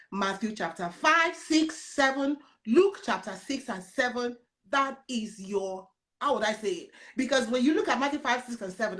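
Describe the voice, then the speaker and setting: A high-pitched woman gives a casual sermon. She is animated and laughs often between verses, and she repeats key phrases for emphasis. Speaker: preacher. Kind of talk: casual sermon reading scripture.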